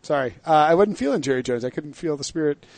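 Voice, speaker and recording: A man hosting a sports podcast, joking and tossing quick questions to his co-hosts. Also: fairly high pitch, lively intonation, gravelly, darkish tone, no room sound. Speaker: podcast host. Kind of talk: casual sports talk.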